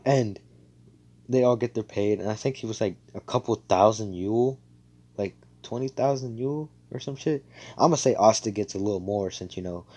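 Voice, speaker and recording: Low, mellow man rambling through a story. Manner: rambling, full of fillers and swearing. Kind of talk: casual fan-story narration.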